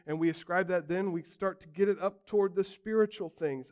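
A man's voice: high-pitched, fairly even intonation, fairly quick, few pauses. A man preaching a sermon as a pastor, emphatic, building his points through repeated phrases.

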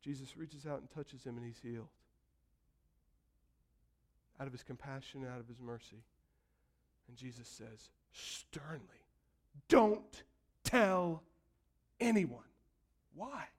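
A man preaching a sermon, telling the story vividly and acting out voices, building from quiet to loud calls. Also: medium pitch, steady tone, normal speed. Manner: storytelling preacher, acts out quotes and builds to shouts. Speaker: pastor.

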